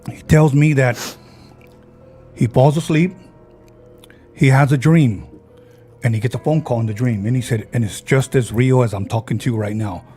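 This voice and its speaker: Casting note: man, husky voice, casual podcast storyteller who acts out the quotes, light music underneath. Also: mid-range voice, normal speed, long pauses, mellow. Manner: retells a friend's ghost story, acting out quoted voices.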